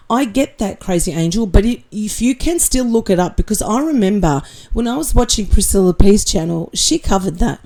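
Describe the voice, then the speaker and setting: A woman's voice: mid-range voice, warm tone. A woman hosting her channel, reading out viewer comments and answering them bluntly, with sarcasm and swearing. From Australia. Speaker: channel host reading chat.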